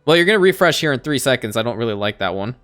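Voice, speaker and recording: A man giving casual let's-play commentary on a strategy game, excitable, talking to the game characters and laughing often. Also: medium pitch, very fast, soft background music. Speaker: gaming YouTuber.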